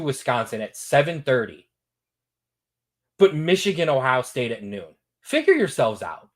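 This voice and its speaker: Animated man hosting a sports show. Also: mid-range voice, a little slow. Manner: animated, repetitive, hypes picks. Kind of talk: casual sports betting talk.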